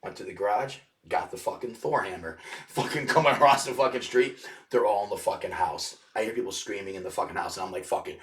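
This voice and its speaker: A man, a podcast guest, telling rough stories in a rambling, profanity-heavy casual way. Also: fairly low pitch, quick pace, fairly bright tone, far from the mic. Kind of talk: casual storytelling. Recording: echoey room, off-mic.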